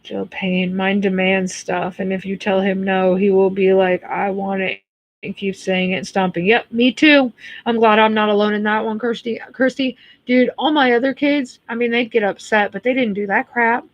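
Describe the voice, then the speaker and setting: A woman in her thirties with an American accent, chatting on a livestream in a blunt, talkative way. Her voice sits at a middling pitch, and the sound is dry and close. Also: steady tone, normal speed, dry recording. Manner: blunt, chatty, swears freely. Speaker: livestream host reading chat. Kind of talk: casual chat.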